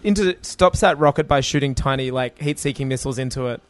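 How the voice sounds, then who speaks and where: A man's voice: mid-range voice, fast talker, dry recording. A man chatting casually as he comments on a movie, wry and chatty. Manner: wry, chatty, laughs often.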